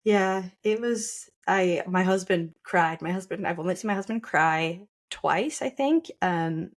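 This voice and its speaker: A young woman with a somewhat low voice talks on a casual podcast. She is reflective and candid, often backing up to rephrase. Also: a little slow. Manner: reflective, with frequent restarts and laughter. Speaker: podcast co-host sharing her birth story.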